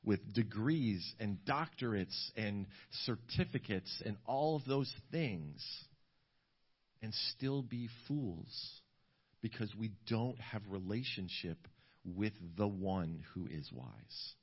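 Lower-pitched male pastor preaching. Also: slow pace, husky, muffled recording. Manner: conversational preaching with many restarts, rising into animated storytelling. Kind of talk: sermon. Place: church service in a community center.

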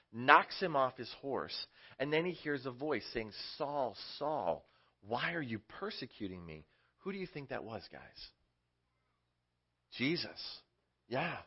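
A man's voice: medium pitch, dull audio. A man teaching a casual Bible lesson to kids in a conversational way, often asking his listeners questions. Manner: conversational, asks the audience questions. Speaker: children's church teacher.

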